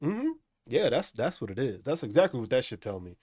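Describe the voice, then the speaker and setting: A man's voice: mid-range voice, big pitch swings, fairly quick, darkish tone, husky, no echo, studio quality. A man hosting a profane, angry rant, mocking the people he talks about. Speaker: host. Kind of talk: profane ranting commentary.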